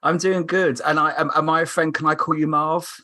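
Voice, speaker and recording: A man's voice: on the high side, level tone, fairly quick, bright, forceful tone. A young man from England with a South London Croydon accent, a podcast guest chatting casually and laughing easily. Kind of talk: casual chat over a remote call.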